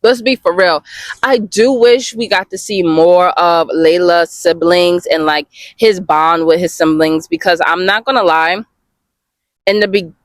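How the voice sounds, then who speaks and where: A woman giving a casual, expressive reaction review of comics, swearing freely and talking straight to her viewers. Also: fairly low pitch, a little slow, dry recording. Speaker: webcomic reviewer.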